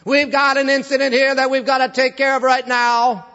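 A man putting on a booming stern old judge. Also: little pitch movement, moderate pace, pushed and bright, clean tone, in a large hall, lo-fi sound, full character voice. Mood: booming, mock-grave. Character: stern older male traffic-court judge.

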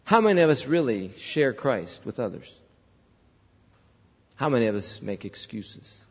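A man's voice: mid-range voice, very animated, unhurried, a little mellow, slightly rough. Man, pastor, sermon with rhetorical questions; lo-fi church hall sound. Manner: storytelling, rhetorical questions to congregation. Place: large church sanctuary. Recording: dull lo-fi reverberant church recording.

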